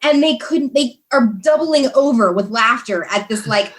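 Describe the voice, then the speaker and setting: A woman's voice: a little high, animated, normal speed. A young American woman, a podcast guest, telling a story in casual chat, laughing often and talking with many fillers and restarts. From USA.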